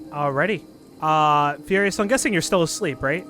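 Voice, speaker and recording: A man's voice: on the high side, normal speed, bright, forceful tone, soft background music. A man narrating a tabletop game as dungeon master, in loose narration full of fillers.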